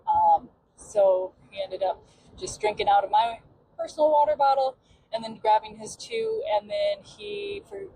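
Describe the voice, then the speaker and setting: A woman's voice: sits high, wildly swooping pitch, unhurried, dark tone, poor audio. A woman hosting a podcast who tells a story in a loose, chatty way with many "um" fillers. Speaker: podcast host. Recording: clear background noise.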